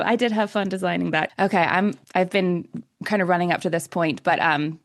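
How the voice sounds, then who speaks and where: A woman's voice: fairly low pitch, fairly even intonation, brisk, no echo, studio quality. A middle-aged woman hosting a podcast, talking in an effusive, emotional, confiding way. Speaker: podcast host. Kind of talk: casual interview chat.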